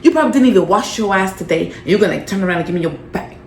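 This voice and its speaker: A woman's voice: medium pitch, lively intonation, very fast, roomy sound, slight background noise, natural voice. A woman doing a furious cursing female boss. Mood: scolding. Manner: scolding, profane, mocking.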